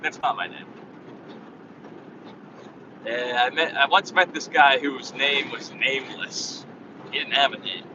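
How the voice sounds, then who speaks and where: A man chatting casually while driving, rambling with lots of fillers in a flat, even tone. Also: mid-range voice, unhurried, pauses often. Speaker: vlogger driving a van. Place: inside a moving vehicle on a highway. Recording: distant, dull sound with loud road noise.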